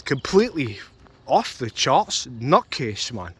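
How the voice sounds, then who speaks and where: A man's voice: mid-range voice, very animated, slow pace, slightly rough. A young man ranting angrily and repetitively about a custody dispute, swearing often. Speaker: vlogger. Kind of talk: angry personal rant.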